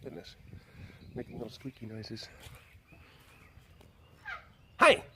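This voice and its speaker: A playful man talks to big cats and the camera in a slow, unhurried way. His pitch swings widely as he teases the cats, laughs often and slips into baby talk. He comes across as a casual caretaker vlogger. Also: animated, background noise. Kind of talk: casual chat to animals and camera.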